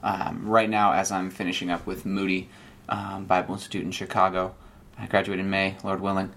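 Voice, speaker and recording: A young man with a low voice speaks as a guest in a relaxed interview. He tells his story with energy and acts out the lines people said. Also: brisk. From Nigeria and Ohio. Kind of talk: casual interview.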